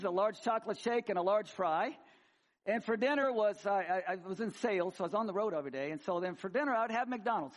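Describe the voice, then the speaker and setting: Male preacher, high voice, animated sermon delivery, conversational and joking between points. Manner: animated preaching, swinging from loud emphasis to quiet asides; conversational, with frequent restarts and humor. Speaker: pastor. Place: church sanctuary.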